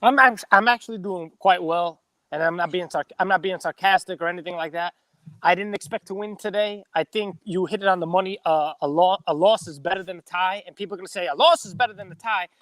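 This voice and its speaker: A man's voice: sits high, fairly bright tone, no room sound. A man, a regular on a sports fan show, blunt and emphatic, hammering home his points. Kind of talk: heated sports fan podcast.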